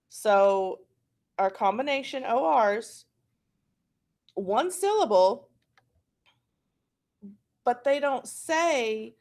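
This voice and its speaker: During a phonics lesson, a teacher from Oklahoma patiently repeats every word for her students to practice. Her voice is fairly high with a darkish tone, and she keeps her pace slow.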